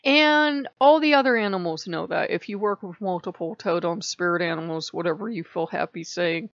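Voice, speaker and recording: A woman's voice: fairly low pitch, fairly even intonation, fairly quick, dry recording. A woman vlogging in a rambling, chatty way, often laughing as she talks. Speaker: spiritual vlogger. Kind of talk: casual chat. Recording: dry, slightly muffled lo-fi.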